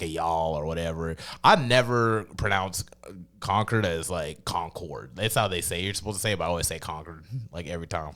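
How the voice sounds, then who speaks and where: A man's voice: low-pitched, fairly bright tone. A man hosting a podcast interview, laid-back and laughing often, with lots of filler words. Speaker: podcast host. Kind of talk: casual interview.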